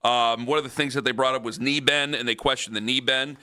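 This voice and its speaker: A man hosting sports talk radio, telling stories in a lively way and acting out both sides of a phone call. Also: medium pitch, quick pace, clear, resonant tone. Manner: animated storyteller, acts out both sides of conversations.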